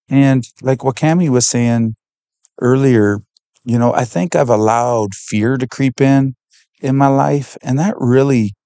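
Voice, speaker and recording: A man's voice: mid-range voice, dark tone, no echo. A man speaking as a podcast guest, giving sincere, reflective faith encouragement to young listeners with frequent fillers.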